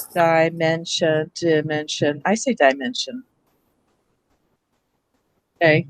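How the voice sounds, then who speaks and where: A woman's voice: medium pitch, no echo, poor audio. A woman presenting a hands-on reading workshop to teachers in a school room, explaining patiently and checking in with the group as she goes.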